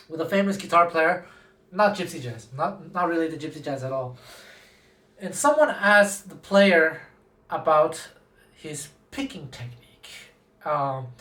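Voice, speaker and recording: A man's voice: on the high side, fairly bright tone. A man, a guitar teacher, talking casually to camera, acting out quoted dialogue with frequent restarts. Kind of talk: casual talking-head lesson. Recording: roomy echo, speaking from a distance from the mic.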